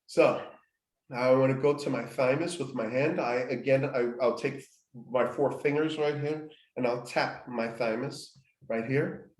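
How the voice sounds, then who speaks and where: A man leads a guided healing workshop, taking listeners through each step with repeated phrases and frequent restarts. His voice is medium-pitched and measured in pace, recorded in an echoey room.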